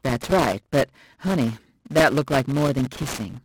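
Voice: medium pitch, animated, measured pace, a little hiss or hum, natural voice, low-quality recording. A narrator doing a firm, anxious mother. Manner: gentle but firm. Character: middle-aged mother, anxious and protective. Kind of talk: audiobook character voice.

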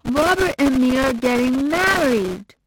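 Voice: animated, unhurried, fairly bright tone, husky, full character voice, poor audio. A narrator voicing a stubborn, earnest young woman who insists on her point. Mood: insistent. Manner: high, pleading, insistent. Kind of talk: audiobook character voice.

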